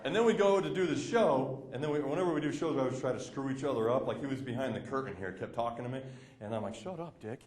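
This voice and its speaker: A man's voice: mid-range voice, fast talker, a little mellow. A young man doing a stand-up comedy set, telling rambling, self-deprecating stories with quoted asides. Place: comedy club stage. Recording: echoey club room. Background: audience laughter.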